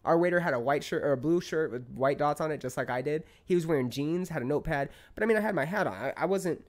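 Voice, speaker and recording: A man in his thirties appears as a podcast guest and tells a story fast in casual chat, talking heatedly and swearing. His pitch climbs as he gets worked up.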